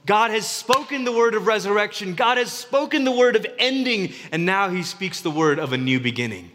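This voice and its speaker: A man's voice: high-pitched, expressive, fairly quick, hardly any pauses, sharp tone. A man preaching a sermon as a pastor, earnest and conversational, often restarting his words. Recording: reverberant hall.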